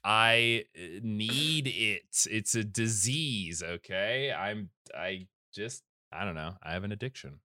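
Lively, jokey young man. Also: fairly low pitch, takes it slowly, few pauses, no room sound, clean studio sound. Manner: jokey, self-mocking, trails off and mumbles. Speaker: podcast co-host. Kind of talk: casual chat.

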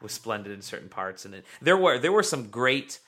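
Very animated and a little fast, a man hosts a podcast in a casual, rambling way, full of fillers, reading listener comments out loud. His medium-pitched voice has a sharp tone.

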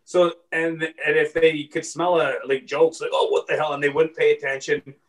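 Animated rambling man, set back from the mic. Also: a little high, normal speed, far from the mic, rough recording. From Saskatchewan, Canada. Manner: animated, rambling, swears, acts out voices. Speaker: stand-up comedian guest. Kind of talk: casual podcast storytelling.

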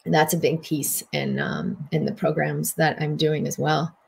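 A middle-aged woman giving a casual spiritual wellness talk in gentle, flowing, affirmation-like phrasing. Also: low-pitched, sing-song, normal speed, vocal fry. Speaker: wellness speaker.

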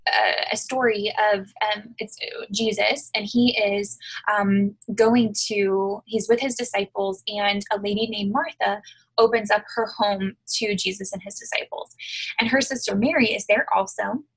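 Brief: woman, husky-breathy, mid-pitched, chatty devotional talk on a home video call. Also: steady tone, unhurried, poor audio. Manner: conversational, frequent fillers and tag questions. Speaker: devotional speaker. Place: her living room at home.

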